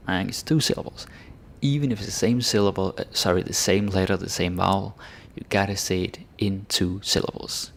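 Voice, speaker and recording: A young man teaching grammar in a relaxed way, repeating words slowly and adding casual asides. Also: deep voice, gravelly, slightly rough. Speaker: language teacher.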